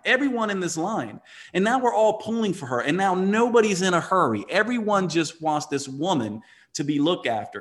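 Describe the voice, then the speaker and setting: A man telling a motivational story in conversation, earnest and emphatic, often restarting his sentences. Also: fairly high pitch.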